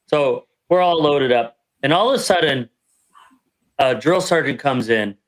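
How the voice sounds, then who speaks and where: A man's voice: medium pitch, fairly bright tone. A man on a podcast telling a rambling story about his army training, correcting himself as he goes and acting out the people he quotes. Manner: rambling, self-correcting anecdote with acted-out quotes. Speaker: podcast guest veteran. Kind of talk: casual storytelling.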